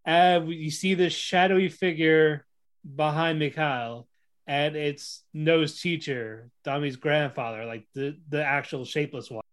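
A man casually recapping an anime episode, excitable, acting out the characters' lines and laughing often. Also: fairly high pitch, measured pace, smooth. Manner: excitable storytelling, acts out quotes, laughs often. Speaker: podcast co-host reviewing an anime. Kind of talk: casual chat.

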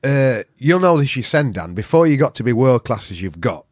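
A middle-aged man with a Yorkshire accent, a podcast guest who tells stories in a blunt, profane, animated way. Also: medium pitch, brisk, no room sound, studio quality. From England. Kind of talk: casual storytelling chat.

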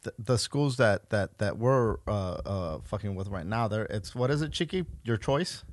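A man's voice: fairly low pitch, lively intonation, moderate pace, no echo. A man co-hosting a comedy podcast, teasing and rambling with fillers. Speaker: podcast co-host. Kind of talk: casual chat.

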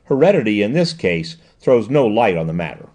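A man reading the lines of a sharp, composed woman detective in an audiobook, explaining in a precise, measured way. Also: lowish voice, very animated.

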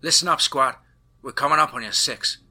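A man's voice: medium pitch, a little fast, sharp tone, husky. A man voicing a tense female drone operator calling out clipped warnings over military radio comms in a spoken story. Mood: urgent. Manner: urgent clipped radio calls.

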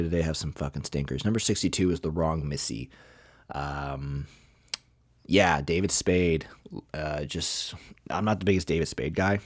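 Man, very low voice, podcast host, blunt and profane, rambling with fillers, dry close sound. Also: no echo. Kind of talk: casual movie review ranking.

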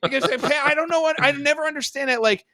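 High-pitched guy venting about his hockey team, sarcastic, dry close mic. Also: fast talker, bright, forceful tone, no echo. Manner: exasperated, ranting, sarcastic. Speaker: podcast co-host. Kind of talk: casual hockey fan chat.

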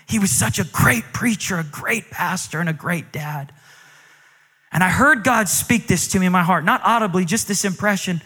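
A man in his thirties delivers a storytelling sermon in a high, bright voice, acting out each exchange with climbing intensity. His words ring out with a long reverb tail from a large church auditorium. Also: moderate pace. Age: 30s. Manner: animated, acts out quoted dialogue, pitch climbs with emotion. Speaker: guest preacher.

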